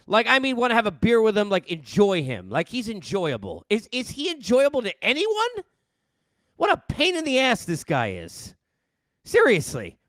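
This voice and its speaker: Animated middle-aged man ranting on sports. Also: very high voice, no echo. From New York. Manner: animated, exasperated, rhetorical questions. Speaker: sports radio host. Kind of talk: casual ranting commentary. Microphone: headset.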